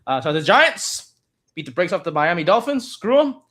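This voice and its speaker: A man who produces a sports podcast, chatting casually with loud, excited outbursts. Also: high-pitched, normal speed.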